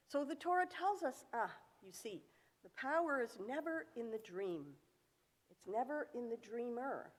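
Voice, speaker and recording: This sermon in a synagogue sanctuary comes from a woman whose fairly high voice is expressive and moderately paced. She tells a story through vivid voiced quotes and rhetorical questions, recorded in an echoey space.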